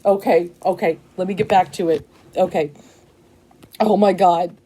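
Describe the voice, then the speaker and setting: A woman's voice: on the low side, unhurried, a little hiss or hum. Emotional woman doing a tarot reading. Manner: emotional and excitable, rambling with many fillers and "okay?" checks. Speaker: tarot reader. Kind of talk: casual tarot reading to camera.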